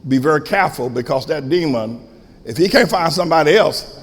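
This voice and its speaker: A man preaching a sermon as pastor, shifting from quiet storytelling to sudden shouts. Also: on the high side, animated, brisk, slightly rough, long reverb tail.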